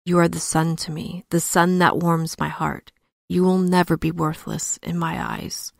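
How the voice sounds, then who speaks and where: A woman voicing a warrior prince who speaks gently and soothingly to his wife, in her own low, gravelly voice. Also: level tone, measured pace, dry recording, studio quality. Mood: reassuring. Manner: gentle and soothing, softly spoken. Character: tender warrior prince, loving husband.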